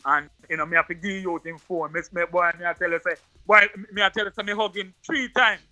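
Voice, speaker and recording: High-pitched Jamaican man telling his story. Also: fast talker, no echo, faint music behind. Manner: animated, repeats words often. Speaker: interview guest. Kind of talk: telling a personal story in patois.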